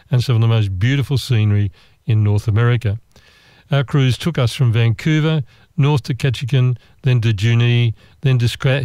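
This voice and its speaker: Mellow Australian man telling a travel tale. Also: medium pitch, no room sound. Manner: meandering, chatty, with frequent restarts and asides. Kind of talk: relaxed travel anecdote monologue.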